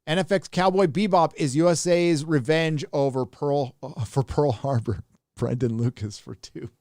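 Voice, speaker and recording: A man's voice: fairly high pitch, normal speed, darkish tone, dry recording, clean studio sound. A middle-aged man from Southern California hosting a casual livestream, reading viewer donations aloud in a rambling, laid-back way with lots of fillers.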